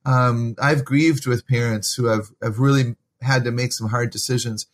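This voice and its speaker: A man's voice: medium pitch, steady tone, moderate pace. A man speaking as a guest author in a podcast interview, giving earnest, encouraging parenting advice in a preacherly way.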